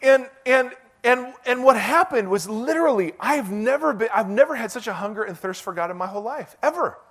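High-voiced, animated man preaching. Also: a little fast. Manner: conversational, self-deprecating, animated preaching. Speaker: pastor. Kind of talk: sermon.

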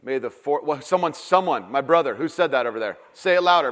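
A man's voice: fairly high pitch, a little fast, hardly any pauses, fairly bright tone. A man preaching a sermon as a pastor, casual and joking, with many fillers and restarts, in a church hall.

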